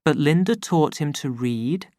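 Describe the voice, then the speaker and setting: Slow, measured audiobook narrator. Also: medium pitch, expressive, mellow, no room sound, studio quality. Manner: slow, measured, plain storytelling. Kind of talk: scripted narration.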